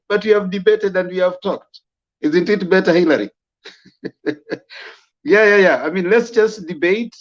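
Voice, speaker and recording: Man, debate host, calm and conciliatory, slightly higher voice, muffled lo-fi sound. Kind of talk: moderating a debate. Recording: dull lo-fi sound.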